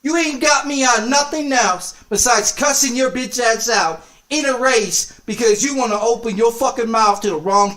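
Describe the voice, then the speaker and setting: Streaming a game, this man speaks at an extremely high pitch with a bright, forceful tone. His tirade is heated and threatening, full of repeated swearing and insults.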